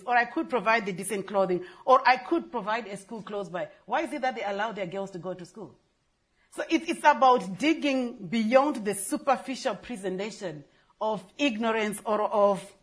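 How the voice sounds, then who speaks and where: A woman speaking on a conference panel for a girls' education charity, earnest and emphatic, repeating her key phrases. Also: mid-range voice.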